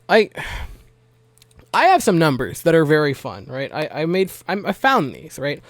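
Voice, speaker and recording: A young man whose voice sits slightly high recaps a baseball game for his vlog in a relaxed, chatty way, drifting into joking asides and leaning on "uh" and "like." He keeps a measured pace, and the sound is close and dry with no echo or room around it.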